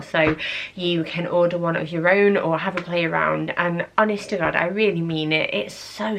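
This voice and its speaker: A woman's voice: on the low side, gravelly, fairly bright tone, a little hiss or hum. A young adult woman vlogging casually to camera, chatty and nostalgic, full of "like" and "oh my gosh".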